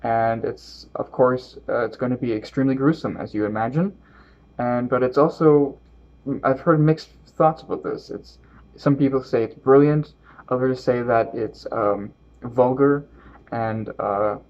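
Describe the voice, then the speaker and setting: A man with a Canadian accent chats about his reading pile in a thoughtful, halting way. He pauses and restarts his sentences often. His mid-pitched voice comes through slightly dull, lo-fi audio. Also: steady tone, darkish tone. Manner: thoughtful, halting, trips over words and restarts. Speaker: book vlogger. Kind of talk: reading aloud and casual book talk.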